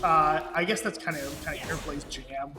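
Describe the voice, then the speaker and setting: A man's voice: fairly high pitch, normal speed. A man who is an indie game developer, chatting casually on a stream and telling stories with laughs and the odd swear. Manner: excited storyteller, laughs and swears. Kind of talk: casual chat while playing. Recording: echoey room with game music.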